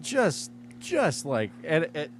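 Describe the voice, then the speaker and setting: A man's voice: fairly high pitch, huge pitch swings, slow pace, a little hiss or hum. A man co-hosting a film podcast, retelling a plot casually with lots of swearing and laughter. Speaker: podcast co-host.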